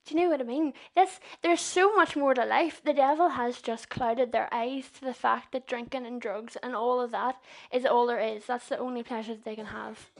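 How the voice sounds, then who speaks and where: Young northern irish girl giving a chatty sermon, high voice, keeps asking if ur with her. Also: steady tone, normal speed, gravelly, few pauses. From Northern Ireland. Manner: chatty, earnest, asks the listeners questions. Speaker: young preacher. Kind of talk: informal sermon.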